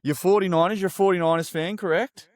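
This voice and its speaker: An Australian man hosting an interview, enthusiastic and lively with his guest. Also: sits high, quick pace, dry recording, studio quality. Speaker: podcast host. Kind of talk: upbeat interview.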